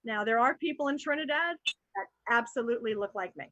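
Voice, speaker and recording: Bright-voiced woman from New Jersey. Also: on the high side, fast talker, dry recording, dull audio. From New Jersey, USA. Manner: animated, candid, thinks aloud with fillers. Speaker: actor and improv performer. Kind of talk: casual panel chat on a live show.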